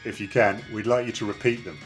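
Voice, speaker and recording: A man's voice: lowish voice, fairly even intonation, fast talker, faint music behind. A man from the East Midlands hosting a casual quiz, upbeat and jokey as he poses questions. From East Midlands, England. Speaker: quiz host. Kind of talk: casual chat.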